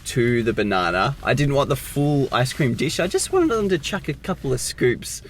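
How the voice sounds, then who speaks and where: A young man with a very animated voice co-hosts a loose comedy chat from inside a car, laughing often. A faint hiss sits under the recording. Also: medium pitch, moderate pace. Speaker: podcast co-host.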